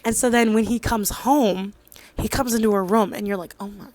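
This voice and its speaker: A woman's voice: a little high, normal speed, a little mellow, no echo. A woman in her twenties casually recapping a drama, rambling with lots of fillers and losing track of details. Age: 20s. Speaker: drama reviewer.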